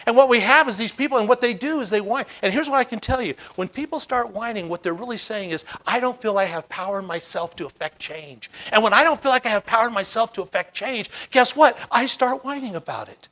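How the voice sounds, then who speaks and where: A man's voice: very high-pitched, lively intonation, fast talker, hardly any pauses, sharp tone. A man giving a motivational keynote speech, telling stories emphatically and acting out dialogue. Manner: emphatic storytelling with acted dialogue. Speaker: keynote speaker.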